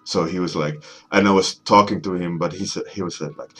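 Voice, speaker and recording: A man in his thirties, an artist chatting casually as he works, rambling and halting with many restarts. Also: sits low, fairly bright tone. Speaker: artist streaming a warmup session. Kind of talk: casual storytelling while working.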